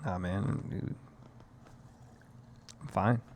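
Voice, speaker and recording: A man's voice: low-pitched, very slow, darkish tone, a little hiss or hum. A man in his thirties co-hosting a podcast, chatting casually and rambling, with "dude" and "man" in every other phrase. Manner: laid-back, rambling, says "dude" and "man" often. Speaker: podcast co-host. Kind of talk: casual chat.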